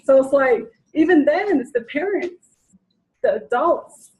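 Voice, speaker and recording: A woman in her thirties leads a training session, with a fairly high voice. She talks casually to the audience, restarting her sentences and slipping into little acted quotes. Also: lively intonation, slow pace, a little mellow, poor audio. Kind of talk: informal lecture to an audience.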